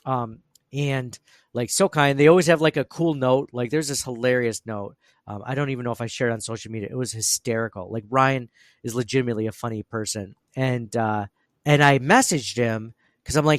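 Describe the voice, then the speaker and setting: Man, podcast co-host, casual chat, rambling, laughing, mid pitch, dry close sound. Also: a little fast, no echo. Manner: rambling, self-deprecating, laughs a lot.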